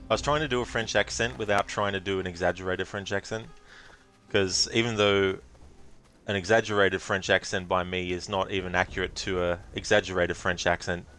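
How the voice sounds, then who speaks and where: A deep-voiced man gives casual, rambling commentary while he plays a video game. He chats loosely and laughs easily. Game music plays faintly underneath. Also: fairly bright tone. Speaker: streamer.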